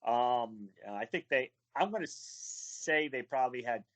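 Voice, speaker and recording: A wrestling referee appearing as a guest tells road stories over a video call in a medium-pitched, unhurried voice. He's an animated storyteller who acts out other people's lines in their voices.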